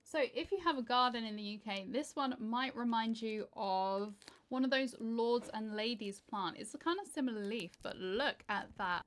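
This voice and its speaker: A tired British woman, a houseplant vlogger, chatting casually and gushing over her new plants. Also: on the high side. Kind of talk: casual vlog chat.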